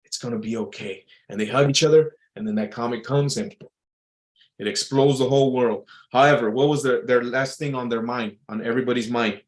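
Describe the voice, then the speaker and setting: A man rambles through a casual monologue, stopping and restarting as he reads out quotes. His voice sits at an ordinary middle pitch. He circles back over the same words before moving on. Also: a little fast, poor audio. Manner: loose, repetitive, with frequent restarts and filler; reads out quotes and muses on them.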